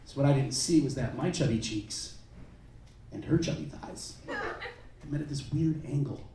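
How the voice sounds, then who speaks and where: A man doing a stand-up comedy set in a club, telling a crude story in an animated way and shouting his punchlines. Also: mid-range voice, normal speed. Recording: roomy club sound, mic heard from a distance, crowd laughing. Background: audience laughter.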